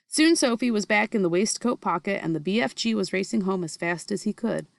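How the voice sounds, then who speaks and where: Woman, storybook read-aloud, steady expressive reading, gravelly voice, dry close sound. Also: medium pitch, a little fast, hardly any pauses, no room sound. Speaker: reader.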